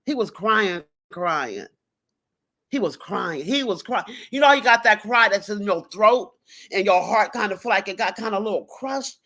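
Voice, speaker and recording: A woman hosts a live stream with a bright, ringing, mid-range voice. She chats straight to her viewers, animated and blunt, and swears freely. It sounds like a casual broadcast through a home computer or phone mic. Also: medium pitch, moderate pace. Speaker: livestream host. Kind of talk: casual livestream commentary.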